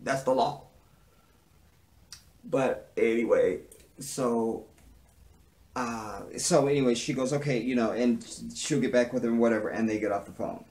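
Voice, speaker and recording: A man's voice: mid-range voice, unhurried, pauses often. A man giving a casual, profane recap to camera, acting out the dialogue with lots of energy. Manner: animated, profane, acts out the dialogue. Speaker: TV episode reviewer. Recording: echoey room.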